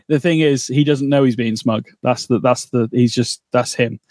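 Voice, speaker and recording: A man's voice: mid-range voice, fairly even intonation, measured pace, a little mellow, dry recording, studio quality. A man co-hosting a podcast in casual chat, rambling and bantering with mock outrage. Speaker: podcast co-host.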